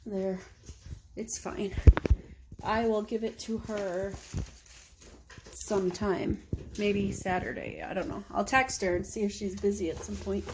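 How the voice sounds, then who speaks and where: A woman's voice: medium pitch, fairly even intonation, unhurried, long pauses, background noise. A woman vlogging at home, chatting casually and rambling aloud to herself as she goes about her day. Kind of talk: casual chat. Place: at home indoors.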